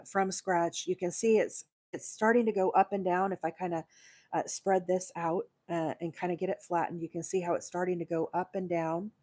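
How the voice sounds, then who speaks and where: A woman from Alabama, with a fairly low and slightly mellow voice, hosts a crochet livestream. She patiently walks viewers through a pattern step by step, counting stitches aloud and using plenty of fillers.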